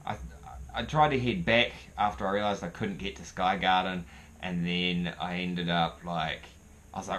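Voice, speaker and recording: A man's voice: deep voice, fairly even intonation, normal speed, fairly bright tone, slight background noise. A young man telling a rambling, profane story in casual storytelling style. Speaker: vlogger.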